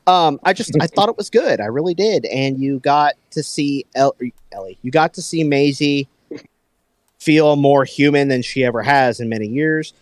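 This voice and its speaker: A man on a headset mic, hosting a casual movie talk and acting out quotes with lively energy. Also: medium pitch, moderate pace, dry recording. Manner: animated, acts out quotes, talks to his dog. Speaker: podcast host.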